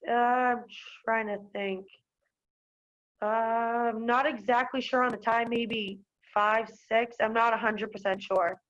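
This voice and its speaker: A woman's voice: on the high side, steady tone, takes it slowly, fairly bright tone, lo-fi sound. Rambling young woman on a video call. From Massachusetts, US. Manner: rambling, many fillers like "like" and "you know". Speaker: dog owner at a hearing. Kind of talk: recounting an incident on a video call.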